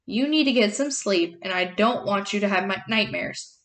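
A woman reading aloud the lines of an older male magician mentor, measured and gently insistent, in a slightly lower voice than her own. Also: lightly acted. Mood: calm.

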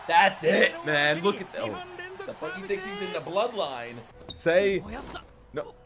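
A young man reacting to an anime episode, excitable and profane, often shouting and laughing. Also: sits high, unhurried. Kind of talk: live reaction commentary. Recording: anime audio playing loudly behind.

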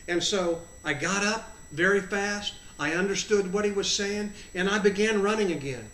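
A man with a high, bright voice tells a personal testimony with earnest feeling, swinging from excited to hushed. He speaks as a Christian counselor hosting his own show. The sound rings in a roomy space. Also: moderate pace, hardly any pauses. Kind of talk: testimony storytelling with a closing appeal. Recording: roomy echo.

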